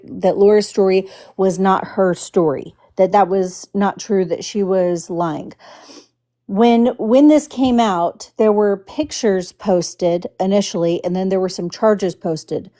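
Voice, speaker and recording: A woman's voice: fairly low pitch, dark tone. A woman from the Houston area hosting a casual livestream, choosing her words carefully with many restarts. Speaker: livestream host.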